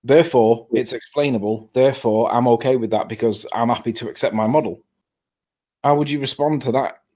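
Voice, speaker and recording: A man's voice: mid-range voice, fairly even intonation, a little fast, a little mellow. A man on a video call, arguing a point insistently in a casual debate and stumbling over his words. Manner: stammering, insistent. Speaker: caller on a live stream.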